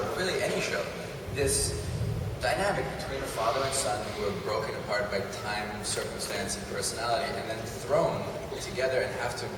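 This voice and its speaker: A male actor answering fan questions at a convention panel, thoughtful, with halting restarts and frequent laughs. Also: medium pitch. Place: large convention hall. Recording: echoey hall mic, distant, crowd noise.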